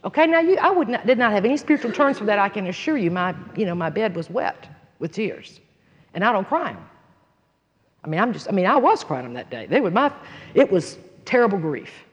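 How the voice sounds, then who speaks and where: A woman teaching a sermon, earnest and emphatic, moving between loud conviction and hushed personal storytelling. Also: mid-range voice, big pitch swings, brisk, breathy edge, in a large hall, muffled recording. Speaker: Bible teacher.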